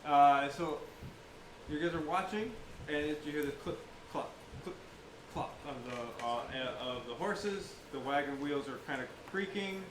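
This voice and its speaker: A man's voice: on the high side, normal speed. A man narrating a tabletop game as game master in a loose, easygoing way. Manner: loose, laughing narration with fillers. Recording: echoey room with background noise.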